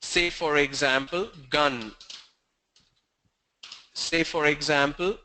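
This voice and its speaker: A man's voice: high-pitched, steady tone, a little slow, sharp tone, a little hiss or hum, low-quality recording. A man teaching a pronunciation class online, spelling words out letter by letter before saying them.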